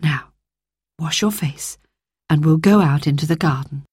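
A woman as a calm, sorrowful mother. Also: sits low, unhurried, husky, dry recording, clean studio sound, heavily acted. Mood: sad calm.

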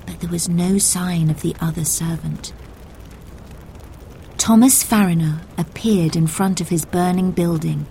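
A woman narrating a children's storybook in a clear, measured way. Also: lowish voice, steady tone, dark tone, a little hiss or hum.

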